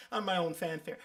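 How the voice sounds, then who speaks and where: A man's voice: high voice, fairly bright tone. A man hosting his weekly livestream, affirming viewers and reading their comments aloud. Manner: sings and hums playfully. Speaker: host and musician. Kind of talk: livestream sign-off chat.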